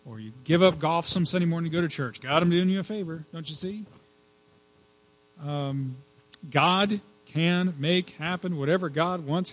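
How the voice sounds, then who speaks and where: A man's voice: on the high side, poor audio. A male pastor giving a sermon in a conversational way, with frequent fillers and repeated words.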